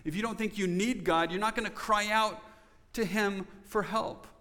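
A man's voice: high voice, steady tone, normal speed, bright, forceful tone, long reverb tail. A man preaching a sermon in an earnest, conversational way, now and then putting questions to his congregation. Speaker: pastor.

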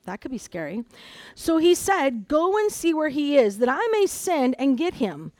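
A woman with a high voice preaches a sermon, reading scripture and breaking in with animated asides. Her voice is close and dry, with no room sound. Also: moderate pace, no echo. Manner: animated, dramatizes the Bible story with voices and asides. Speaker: conference speaker.

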